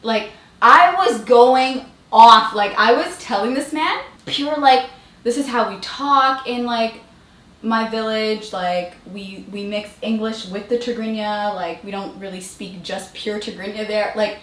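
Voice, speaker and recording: A young woman vlogger telling a story to the camera in a chatty way, full of fillers and quick laughs. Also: mid-range voice, fairly even intonation, a bit bright. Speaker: beauty vlogger. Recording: roomy echo, faint ambience.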